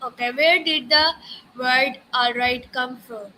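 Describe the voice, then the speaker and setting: A woman student interviewer reading prepared questions in a halting, hesitant way. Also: sits high, fairly even intonation, bright, forceful tone, slight background noise, low-quality recording.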